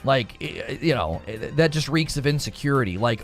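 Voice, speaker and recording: Hosting a gaming talk stream live, a man with a mid-range voice speaks fairly quickly as he spars with and replies directly to his viewers' chat, full of energy. Soft music plays in the background.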